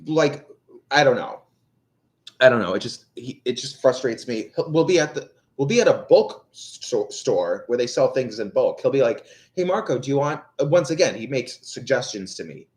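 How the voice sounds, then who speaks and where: A young man in casual livestream talk, exasperated and ranting, with frequent swearing. His pitch leaps widely up and down as he vents, at a middling register for a man. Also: expressive, moderate pace, darkish tone. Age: young adult. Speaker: livestream tarot reader. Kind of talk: casual rambling chat.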